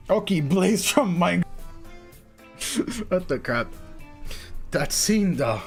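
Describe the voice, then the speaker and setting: A man's voice: high voice, sing-song, very slow, long pauses, faint music behind. A young man reading game dialogue aloud on a stream, joking and laughing between lines. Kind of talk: casual livestream commentary.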